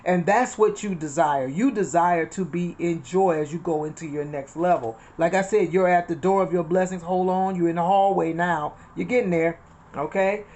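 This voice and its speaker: At normal speed, a middle-aged woman with a lowish, darkish voice hosts a casual spiritual talk for her inspirational channel. She's chatty, repeats phrases, quotes scripture and retells conversations.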